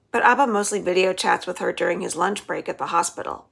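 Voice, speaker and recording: A woman's voice: lowish voice, fast, vocal fry, breathy edge. A woman librarian reading the first chapter of a children's novel aloud, telling it expressively. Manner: expressive storytelling.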